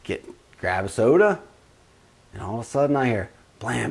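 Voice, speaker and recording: A man telling a funny family story in a casual first-person way, animated, with big swings in pitch and loudness. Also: normal speed, vocal fry, husky.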